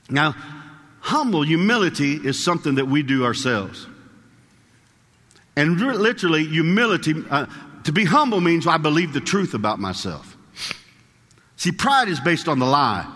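Brief: a male preacher with a high-ish, forceful voice, chatty with the congregation, long hall reverb. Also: very animated. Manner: conversational, asks the congregation questions, reads scripture slowly. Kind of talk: sermon.

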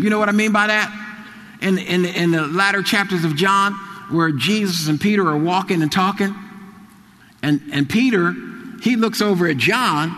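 A male preacher delivering a sermon, moving between quiet storytelling and loud, rising exhortation. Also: high voice, normal speed, long reverb tail.

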